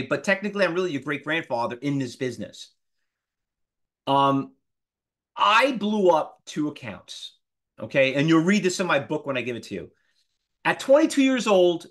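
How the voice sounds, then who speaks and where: Man, 50s, higher-pitched instructor; animated lecturer who throws rhetorical questions at the room. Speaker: trading instructor. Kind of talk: live class lecture.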